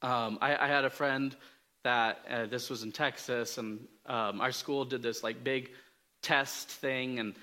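Here a preacher speaks with a measured pace and a steady, medium-pitched voice that sounds bright and forceful. The sermon is casual and story-driven, full of self-deprecating humor, frequent fillers, and restarted sentences.

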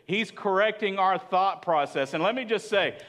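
Pastor guy, high voice, preaching casual, keeps asking the crowd stuff. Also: moderate pace, fairly bright tone. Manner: conversational, asks the congregation questions. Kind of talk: sermon.

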